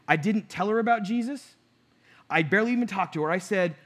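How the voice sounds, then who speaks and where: A man's voice: high voice, quick pace, fairly bright tone. A middle-aged man preaching to his church, telling a personal story in an earnest way and acting out his conversations with God. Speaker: pastor.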